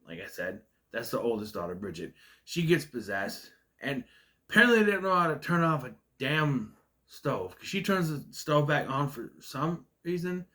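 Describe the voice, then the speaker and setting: A man's voice: medium pitch, sing-song, normal speed, sharp tone. A man giving a casual spoken film review in a ranting, nitpicky way, with a stutter that makes him stall on words. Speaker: movie reviewer.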